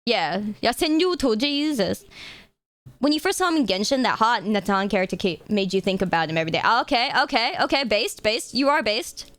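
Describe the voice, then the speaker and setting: A woman's voice: mid-range voice, sing-song, quick pace, a bit bright. A young woman streamer chatting casually with her audience on a live stream, playful and jokey, swearing freely.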